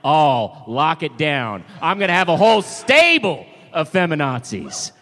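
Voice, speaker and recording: A man with a bright, forceful, fairly high voice belts out a bombastic mock wrestling promo. The sound carries a long reverb, as from a big hall. He shouts his boasts with comic swagger. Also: wildly swooping pitch, unhurried. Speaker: comedy game contestant. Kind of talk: improvised heel wrestler promo.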